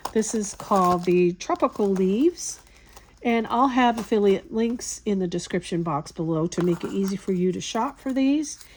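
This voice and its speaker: Craft tutorial host, woman, unhurried chatty step-by-step delivery, mellow tone. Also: medium pitch, slight background noise. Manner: relaxed, chatty step-by-step explaining. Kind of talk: hands-on craft demonstration.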